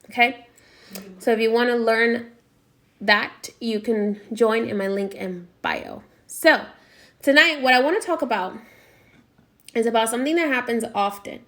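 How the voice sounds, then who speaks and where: A woman's voice: a little high, a bit bright. A woman who teaches spiritual practice, telling a story in a chatty monologue and checking in with her listeners. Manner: chatty, frequent "okay?" check-ins.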